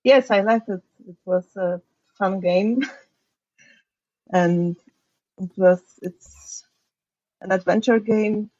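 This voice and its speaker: A young woman from Poland, a podcast guest, chatting casually in a hesitant, halting way and laughing often. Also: medium pitch, mellow, dry recording, muffled recording. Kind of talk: casual chat.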